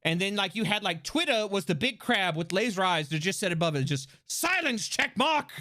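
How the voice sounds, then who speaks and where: A man hosting a live stream, talking in a casual, rambling, profane and animated way. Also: sits high, fairly quick. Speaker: livestream host. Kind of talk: casual livestream chat.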